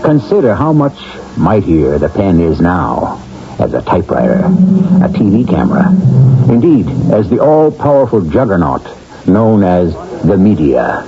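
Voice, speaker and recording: A man narrating a vintage radio mystery drama in a measured, dramatic way. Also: sits low, sing-song, background noise. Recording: dull old radio broadcast with music.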